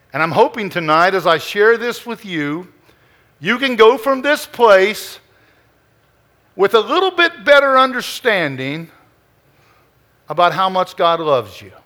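Male preacher, high and bright, slow emphatic sermon cadence.

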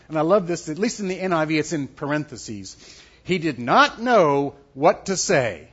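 A middle-aged man preaching a sermon as pastor, emphatic and lively, dropping suddenly soft for effect. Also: a little high, moderate pace, slightly rough. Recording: dull lo-fi sound.

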